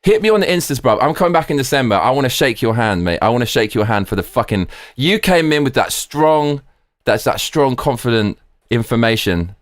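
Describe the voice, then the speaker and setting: Profane, excitable streamer. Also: male voice, mid-range voice, fairly quick, no room sound, clean studio sound. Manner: excitable, profane, reads viewer comments aloud. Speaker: live stream host. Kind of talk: live reaction stream chat.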